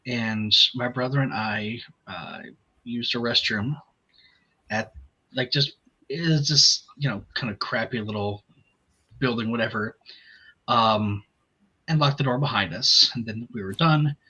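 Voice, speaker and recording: Bright-voiced man on a dull mic. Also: medium pitch, unhurried, pauses often, husky. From North Dakota. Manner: relaxed, rambling with fillers. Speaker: player. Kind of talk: casual storytelling at a game table.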